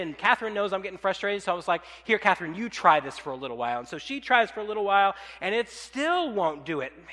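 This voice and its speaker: A man preaching a sermon, telling a casual, animated personal story with plenty of fillers before reading scripture. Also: high-pitched, in a large hall. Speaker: pastor.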